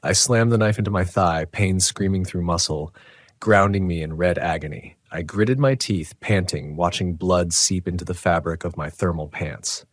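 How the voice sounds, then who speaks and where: A man telling a first-person horror story in a tense, dramatic, measured way. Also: low voice, dry recording. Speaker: narrator.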